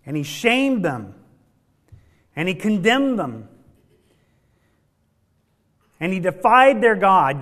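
Very animated but unhurried, a man preaches a folksy sermon, falling from loud, emphatic lines into hushed, low ones and drawing out the words that matter.

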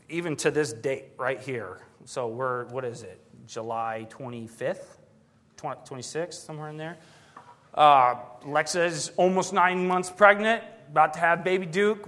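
Chatty male pastor preaching. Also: a little high. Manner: conversational, digressive, swings between loud and hushed. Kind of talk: sermon.

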